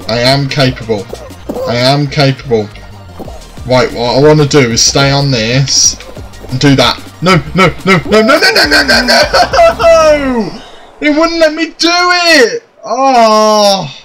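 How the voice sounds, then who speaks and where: A man commentating his own gameplay, often frustrated, swearing and shouting at the game. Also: a little high. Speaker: gaming YouTuber. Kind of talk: let's play commentary.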